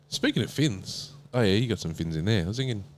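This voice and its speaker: Relaxed low-voiced Australian podcast man. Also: moderate pace. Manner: laid-back, laughs often. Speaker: podcast co-host. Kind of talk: casual chat. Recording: podcast mic in a small room with a humming air conditioner.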